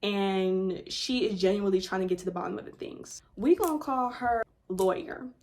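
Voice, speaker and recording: A woman's voice: medium pitch, normal speed, a little mellow. A young adult woman hosting a casual storytime vlog, talking bluntly to her viewers with plenty of swearing. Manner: blunt, profanity-heavy storytelling addressed to viewers. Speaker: storytime channel host.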